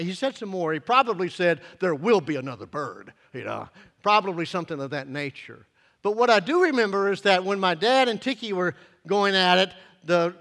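A fifties-aged male preacher with a high-pitched voice, speaking in a folksy, earnest way. He hesitates and restarts often, and his voice carries a long hall reverb, as if in a large church. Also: fairly bright tone. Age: 50s. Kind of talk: sermon with personal storytelling.

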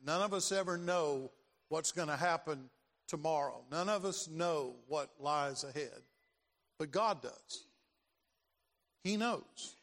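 A man's voice: fairly high pitch, slow pace, pauses often, fairly bright tone. An older man preaching a sermon as pastor, dramatic and given to repeating his phrases. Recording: long reverb of a large hall.

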